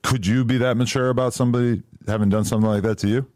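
A man's voice: medium pitch, steady tone, rapid-fire, darkish tone, no echo, clean studio sound. A man hosting a podcast, asking probing questions and dropping short replies in casual chat. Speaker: podcast host.

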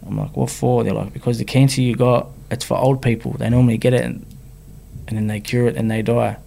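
Gravelly Australian man telling his story. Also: mid-range voice, level tone, a little fast, dark tone, slight background noise. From Sydney, Australia. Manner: frank, slangy, often adds "you know what I mean". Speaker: guest, rapper. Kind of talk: candid personal storytelling.

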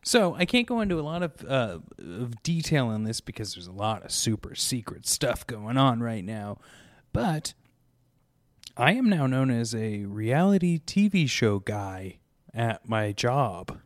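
A man's voice: medium pitch, very animated, a little slow, no echo, studio quality. A man co-hosting a podcast in casual chat, with playful, teasing banter. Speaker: podcast co-host.

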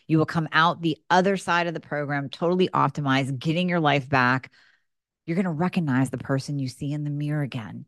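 A woman's voice: no room sound, clean studio sound, lightly acted. A woman, the show's host, reading a persuasive, reassuring scripted ad for her practice. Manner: persuasive, reassuring sales pitch. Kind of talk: scripted ad read.

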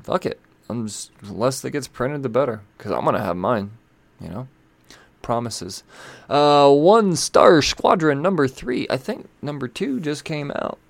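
A man's voice: medium pitch, gravelly, dry recording. A man giving casual, rambling commentary on comic books, blunt and swearing freely, often trailing off mid-thought. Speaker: comic book reviewer.

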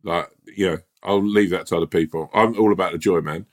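A man co-hosting a casual chat, telling rambling, animated stories full of restarts. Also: sits low, brisk. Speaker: podcast co-host.

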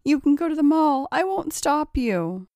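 A woman's voice: fairly low pitch, animated, normal speed, darkish tone, no room sound, clean studio sound, lightly acted. A woman voicing a young man who is a trapped stepbrother, pleading and then defiant, in a storybook reading.

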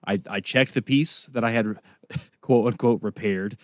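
A man's voice: lowish voice, unhurried, no echo, studio quality. A man co-hosting a casual comedy podcast, telling rambling, profane stories full of fillers. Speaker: podcast co-host.

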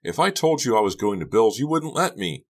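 A man voicing an emotional teenage girl in an audiobook, speaking in a high, strained, pleading voice. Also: sing-song, normal speed, fairly bright tone, full character voice. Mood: defiant.

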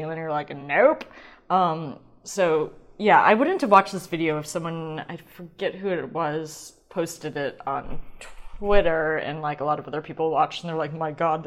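A woman hosting a wine podcast alone at home, talking in a chatty, rambling, self-deprecating way, swearing now and then as she gushes. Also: low voice. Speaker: podcast host. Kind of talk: casual solo wine podcast chat. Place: home kitchen.

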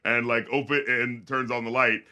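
A man co-hosting a casual podcast chat, rambling through a film scene and acting out lines in low mock voices. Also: flat delivery, normal speed, sharp tone, clear, resonant tone. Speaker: podcast co-host reviewing a film.

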